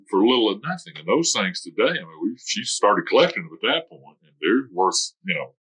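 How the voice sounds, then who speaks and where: Older man, retired military, very low and bright voice, rambling anecdotes. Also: husky, rough recording. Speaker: interviewee, retired military veteran. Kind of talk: oral history interview.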